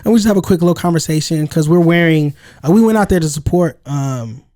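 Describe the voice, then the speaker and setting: Man podcast co-host, higher register, dry booth sound, animated slangy storyteller. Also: fast talker, no room sound. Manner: storytelling, animated, slangy, lots of "like" and "you know". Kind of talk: casual podcast chat.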